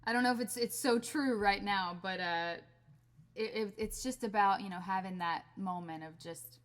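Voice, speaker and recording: A woman's voice: mid-range voice, normal speed, soft background music. A woman hosting her band's livestream from home, chatting casually with lots of laughs and fillers, recorded on a webcam. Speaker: band member hosting a livestream.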